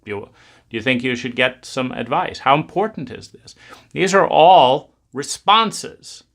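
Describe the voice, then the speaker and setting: Bright-voiced man giving a reflective talk. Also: mid-range voice, vocal fry. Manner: conversational, musing, acts out inner voices. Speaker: self-help speaker. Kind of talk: reflective spoken talk on adulthood.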